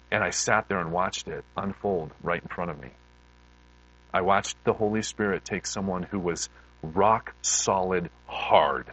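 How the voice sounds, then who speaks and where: A middle-aged man preaching, telling an emotional testimony story with heartfelt repeated words that build in excitement. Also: deep voice, poor audio.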